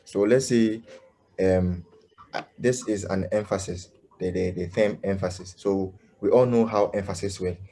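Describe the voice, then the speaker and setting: A low, mellow male voice teaches a coding lesson over a video call and keeps pausing to ask "you understand?". Faint noise hums underneath. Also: fairly even intonation. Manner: halting, many fillers, keeps asking "you understand?". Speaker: coding instructor. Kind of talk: live online coding lesson.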